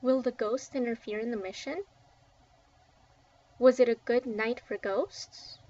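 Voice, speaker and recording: A woman reading a children's book aloud with expressive, dramatic storytelling, recorded dull and a little distant from the mic. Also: on the high side, a little slow. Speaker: book reader.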